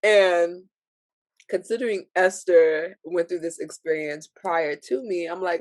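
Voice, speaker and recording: A woman co-hosting a podcast, speaking slowly and with feeling, close to tears and laughing through them. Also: lowish voice, steady tone, darkish tone, no room sound. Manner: tearful, slow and heartfelt, laughing through tears. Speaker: podcast co-host. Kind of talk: emotional casual podcast talk.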